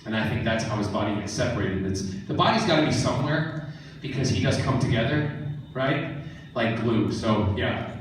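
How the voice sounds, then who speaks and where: A man's voice: mid-range voice, normal speed, far from the mic, a little hiss or hum. Playful man in an echoey hall. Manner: playful, joking, animated. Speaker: convention panel guest. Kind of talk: casual Q&A with fans. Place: large convention hall. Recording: echoey hall, mic from afar.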